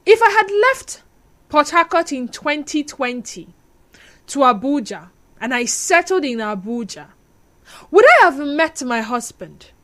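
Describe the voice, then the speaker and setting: A high-pitched Nigerian woman hosts a radio talk show from the studio. She speaks into a studio microphone in a chatty, expressive way, acting out little scenes and laughing at herself as she talks. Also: a little slow.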